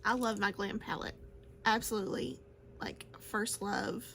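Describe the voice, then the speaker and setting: A woman's voice: mid-range voice, steady tone, measured pace, vocal fry, fairly bright tone, slight background noise. A woman chatting casually through a makeup tutorial, gushing and laughing often as she talks. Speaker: beauty vlogger.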